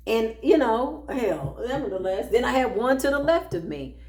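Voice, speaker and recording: A woman spiritual practitioner telling stories in a casual, sassy, animated way, laughing often and acting out what people said. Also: a little high, moderate pace. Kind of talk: casual storytelling monologue. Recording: roomy echo.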